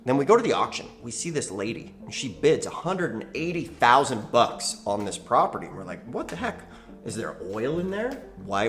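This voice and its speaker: A man hosting his own channel, teaching investing to camera in an animated, folksy storytelling way. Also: medium pitch. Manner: animated, folksy, acts out quoted dialogue. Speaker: channel host, real estate investing educator.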